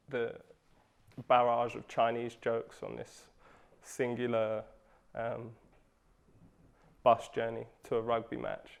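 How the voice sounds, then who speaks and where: Slow, measured young man. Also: medium pitch, gravelly, clear, resonant tone. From England. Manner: measured, thoughtful, hesitant. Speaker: interviewee. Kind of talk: reflective interview.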